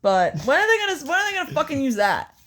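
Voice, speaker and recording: Young woman co-host, blunt and swearing, lively pitch, casual podcast banter. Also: rapid-fire. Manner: blunt, swears often, animated. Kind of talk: casual chat.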